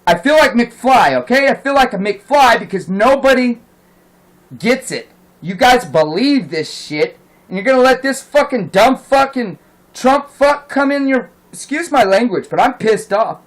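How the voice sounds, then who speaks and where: A man's voice: high-pitched, low-quality recording. A man delivering a heated, profane rant as a vlogger, indignant and insistent. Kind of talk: angry ranting monologue.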